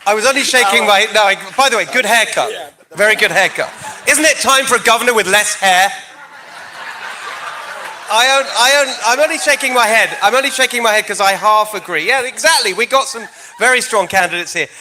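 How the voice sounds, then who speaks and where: A man with a British accent answering as a candidate at a live debate, energetic and joking, with emphatic points. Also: high-pitched, brisk, background noise.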